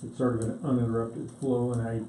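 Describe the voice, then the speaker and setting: Flat, very dark-voiced county attorney. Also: male voice, medium pitch. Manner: measured, matter-of-fact. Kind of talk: reporting legal items. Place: county meeting room. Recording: echoey room, faint hiss.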